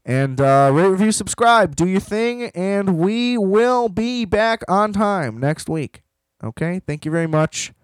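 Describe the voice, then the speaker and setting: Rambling, animated podcast host man. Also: high-pitched, a little slow, hardly any pauses, clean tone, no echo, rough recording. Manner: rambling, animated, swears freely. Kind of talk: casual chat.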